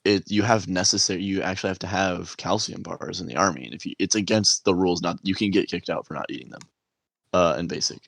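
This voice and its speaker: Low-voiced young man, laughing storyteller. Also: fast, creaky, breathy edge, dry recording. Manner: laughing storyteller, swears often, acts out shouted orders. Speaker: podcast guest telling army stories. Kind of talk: casual chat.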